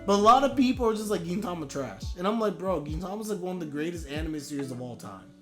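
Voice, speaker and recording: A man streaming a live manga reaction, rambling and gushing with excitement. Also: high-pitched, fast talker, over music.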